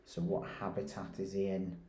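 Teacher reading a picture book aloud. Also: male voice, low-pitched, completely flat delivery, a little hiss or hum. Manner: gentle, questioning, reads slowly and pauses to ask. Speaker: primary school teacher. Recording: roomy echoey recording.

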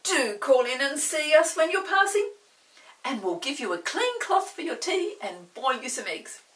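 A woman's voice: high voice, sing-song, normal speed, fairly bright tone, roomy sound, recorded from a distance, pitched above the performer's own voice, rough recording. An older woman voicing a cheeky, cheerful pixie boy in a storybook reading. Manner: cheeky and teasing.

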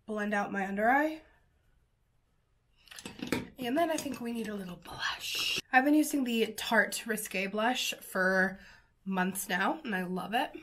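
A woman with a sniffly nose talks through her makeup routine in a chatty, gushing way, full of fillers and little exclamations. Her voice sits at a middle pitch for a woman. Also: fairly bright tone. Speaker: beauty vlogger. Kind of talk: casual makeup tutorial chat.

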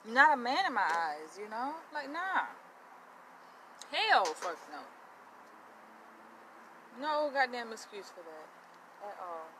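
A woman's voice: a little high, takes it slowly, long pauses, noisy background. A young woman ranting bluntly and profanely to her viewers outdoors while eating. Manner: blunt, profane, animated, addresses viewers directly. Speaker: vlogger. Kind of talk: blunt casual rant.

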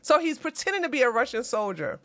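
A woman hosting a political commentary show, talking over a video in an animated, emphatic way. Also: high-pitched, quick pace, no room sound, soft background music. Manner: animated, emphatic, profane outbursts.

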